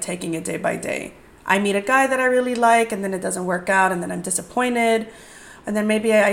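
Chatty, profane young woman podcaster. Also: medium pitch. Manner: candid, profane, fast-paced rambling with lots of "like". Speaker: podcast host. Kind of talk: casual storytelling podcast.

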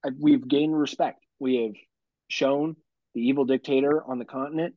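A man's voice: medium pitch, steady tone, normal speed, no room sound, phone-quality sound. A man hosting a podcast, telling a parenting story in casual, profane chat. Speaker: podcast host.

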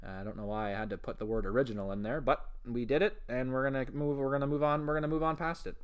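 A man from Ontario hosting a casual solo podcast, rambling and swearing, with sudden shouted outbursts. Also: mid-range voice, steady tone, quick pace, clear, resonant tone. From Ontario, Canada. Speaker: podcast host.

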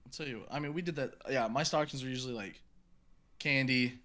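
Bright-voiced young man, casual chat. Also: mid-range voice, a little fast. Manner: loose, profane storytelling with lots of fillers.

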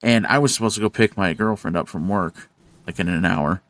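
A man hosting a podcast, telling a story in casual chat, animated and profane, acting out the voices of the people in it. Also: low-pitched, brisk. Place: studio.

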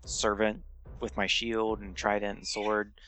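A man's voice: on the low side, level tone, measured pace, fairly bright tone. A man playing a tabletop game, talking in a joking, impulsive way. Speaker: player. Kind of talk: casual chat.

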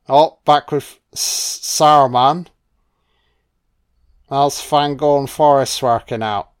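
A man's voice: medium pitch, clear, resonant tone. A man giving a casual, jokey, sweary film commentary. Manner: laid-back, sweary, jokey.

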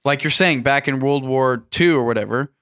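A man in casual discussion, talking earnestly with many restarts and pauses. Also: medium pitch, bright, forceful tone. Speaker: podcast host.

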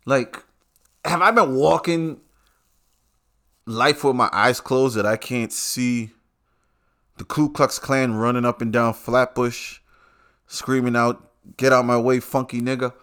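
A man's voice: mid-range voice, slow, long pauses, a bit bright. A man delivering a casual, profane rant to his viewers in street slang.

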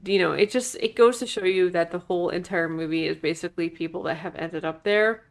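Female podcast co-host, slightly low voice, emphatic and chatty while recapping a film. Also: a little fast. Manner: emphatic, agreeing and filling in plot details. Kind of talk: casual movie recap chat.

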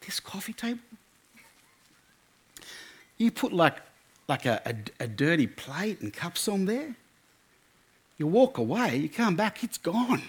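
A man voicing a lazy young boyfriend who is awestruck by household magic, swinging between hushed awe and giddy excitement. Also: medium pitch, fast, few pauses.

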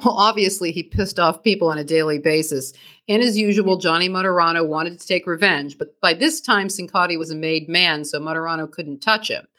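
A podcast co-host with a Boston accent narrating true crime history, brisk, with blunt, profane asides. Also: mid-range voice, bright, forceful tone.

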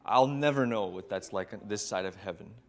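A man preaching as a pastor, retelling a scripture story in a reflective way with dramatic pauses. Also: fairly low pitch. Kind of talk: sermon storytelling.

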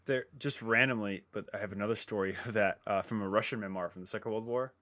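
Fast, bright-voiced man telling stories. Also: fairly low pitch. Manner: animated storyteller. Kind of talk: casual podcast chat.

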